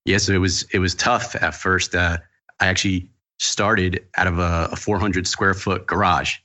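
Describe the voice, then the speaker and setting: Deep monotone guy with a cold, bright tone, casual podcast guest. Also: moderate pace. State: fighting a cold. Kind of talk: casual interview answers.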